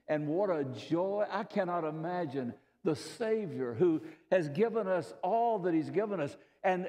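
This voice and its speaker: A man with a Southern US accent preaching a sermon as pastor, swinging between loud, fervent build-ups and low, quiet passages. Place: church sanctuary. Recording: reverberant church hall.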